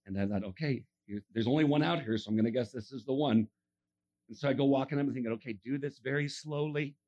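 A man preaching a sermon, telling stories and acting out the voices of the people in them, dropping to a hush and then rising to a shout. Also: mid-range voice, quick pace, lo-fi sound. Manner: acts out voices in his stories, swings from hushed to shouting. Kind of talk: animated sermon storytelling.

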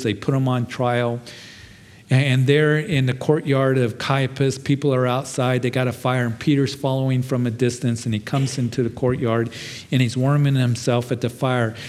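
Conversational pastor in an echoing hall. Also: male voice, medium pitch, little pitch movement, normal speed, darkish tone. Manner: conversational, self-deprecating storytelling with many fillers. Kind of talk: sermon. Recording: long hall reverb.

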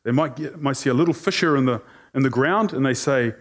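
A male preacher giving a conversational sermon, animated and joking with the congregation. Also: mid-range voice, brisk.

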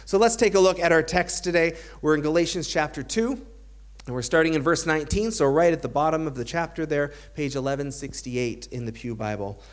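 High-voiced man preaching a sermon. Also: brisk. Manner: dry self-aware humor. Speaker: pastor.

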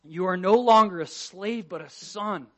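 A pastor preaching a sermon with passion, swinging between loud emphasis and hushed tones as he quotes scripture. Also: high-pitched, unhurried. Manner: quotes scripture and acts out prayers.

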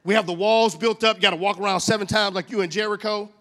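Animated high-voiced male church speaker. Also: fast. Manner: animated storytelling with comic voices. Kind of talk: comic sermon.

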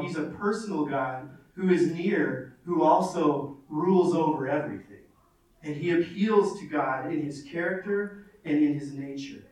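A man preaching an earnest sermon, stopping to read scripture aloud and repeating phrases for weight. His voice sits fairly high. He is heard from some distance in a strongly echoing room. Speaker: pastor. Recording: very echoey, from far off.

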